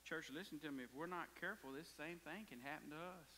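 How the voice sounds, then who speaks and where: A pastor preaching a sermon, dropping to hushed whispers and rising to hollers. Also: male voice, fairly high pitch, fast, in a large hall, a little hiss or hum.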